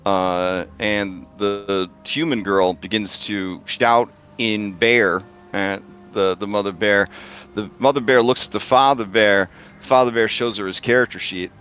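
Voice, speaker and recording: A man's voice: lowish voice, steady tone, unhurried, fairly bright tone. A man narrating as game master, hesitant and full of uhs while he describes scenes. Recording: dull lo-fi sound.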